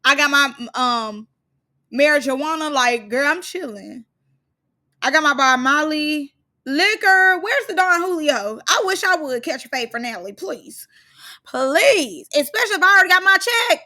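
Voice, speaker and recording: A young woman giving a sassy, slang-heavy recap of a reality show, now and then breaking into loud outbursts. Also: high-pitched, measured pace. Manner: animated, sassy, slangy, bursts into shouts.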